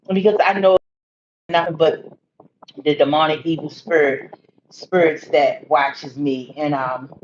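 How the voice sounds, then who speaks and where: A woman's voice: deep voice, dull audio, slight background noise. A woman hosting a casual livestream, rambling and talking straight to her viewers. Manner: rambling, talks to viewers directly. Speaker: livestream host.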